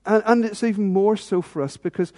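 High-voiced male preacher in a reverberant church. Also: a little fast. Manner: earnest, with rhetorical tag questions, dropping to hushed tones. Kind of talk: sermon.

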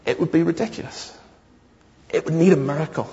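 A man's voice: fairly high pitch, a little fast, warm tone. A man preaching a sermon, mixing Bible reading with humorous personal stories. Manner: storytelling with self-deprecating humor. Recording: muffled, echoey hall.

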